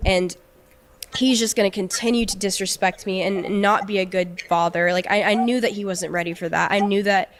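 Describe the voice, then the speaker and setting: A young adult woman telling an emotional personal story, halting and often repeating words as she restarts. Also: medium pitch, steady tone. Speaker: guest telling her story.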